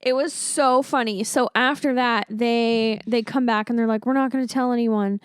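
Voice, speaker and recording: A woman's voice: on the high side, steady tone, normal speed, clear, resonant tone, no echo, clean studio sound. A woman co-hosting a podcast, chatty and amused as she retells scenes from a movie. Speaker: podcast co-host. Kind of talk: casual movie-review chat.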